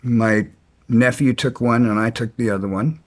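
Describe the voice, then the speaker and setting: A man's voice: medium pitch, steady tone, moderate pace. A man as an interview guest, telling stories bluntly and with some resentment, stumbling and restarting his sentences. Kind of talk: casual storytelling.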